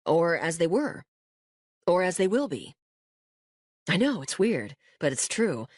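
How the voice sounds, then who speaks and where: A woman voicing an odd young man who claims to be a seer and talks in halting, casual questions. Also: on the low side, very animated, a little mellow, breathy edge, dry recording, studio quality, heavily acted. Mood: earnest.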